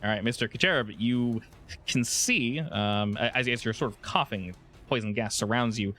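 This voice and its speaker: A man's voice: medium pitch, moderate pace. A man with an ordinary mid-range voice narrates a tabletop game as its game master. He talks loosely and often restarts his sentences. Faint music plays behind him. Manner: relaxed, with frequent restarts and fillers.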